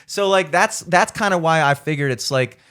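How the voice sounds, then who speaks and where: A man's voice: fairly high pitch, moderate pace, fairly bright tone, slight background noise. A young adult man co-hosting a podcast, telling a rambling travel story in casual chat, swearing freely and laughing often. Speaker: podcast co-host.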